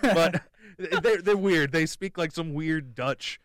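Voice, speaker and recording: A man's voice: fairly high pitch, slow, a bit bright, no echo. A young man hosting a podcast in casual chat, rambling and joking with many restarts. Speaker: podcast host.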